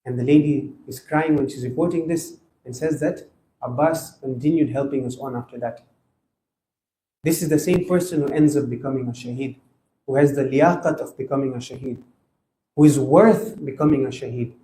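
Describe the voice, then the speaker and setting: A man's voice: mid-range voice, moderate pace, warm tone, roomy sound, a little hiss or hum, low-quality recording. A man giving an earnest Muharram sermon, telling stories and acting out the dialogue in them. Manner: earnest preaching, acts out quoted dialogue. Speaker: speaker at a Muharram majlis. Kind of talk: sermon storytelling. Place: mosque or hall gathering.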